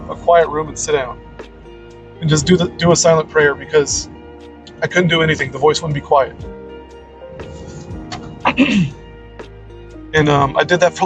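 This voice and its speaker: A man's voice: a little high, fairly bright tone, poor audio. A man giving a casual, rambling monologue about faith, blunt and full of "like" and "man.". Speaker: channel host.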